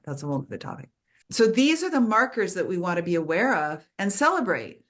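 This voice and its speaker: A middle-aged woman giving a webinar talk on trauma healing, gently acting out inner voices in quotes. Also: lowish voice.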